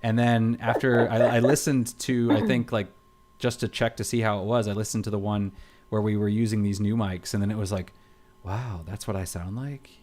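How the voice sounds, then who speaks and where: A man co-hosting a casual podcast chat, telling stories in a relaxed, rambling way with plenty of fillers, speaking into a headset mic at home. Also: fairly low pitch, a little fast. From United States. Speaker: podcast co-host. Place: home studio.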